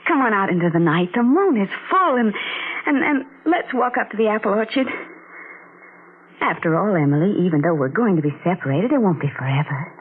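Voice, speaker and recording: An actress voicing a sweet, excitable young woman engaged to be married, who frightens easily, in 1940s radio drama acting over tinny radio audio. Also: mid-range voice, fairly quick, background noise, natural voice. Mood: sweet excited. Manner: breathless, sweet, rising to frightened cries. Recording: tinny old radio broadcast.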